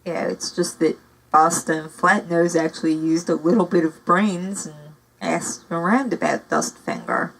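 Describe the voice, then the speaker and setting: A woman's voice: lowish voice, very animated, a little slow, creaky, poor audio. A woman reading a novel aloud, narrating steadily with occasional casual asides. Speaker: audiobook reader.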